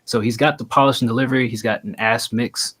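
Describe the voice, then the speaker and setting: A man's voice: medium pitch, steady tone, fast, a bit bright, husky. A man co-hosting a music review show, giving blunt casual feedback with lots of fillers.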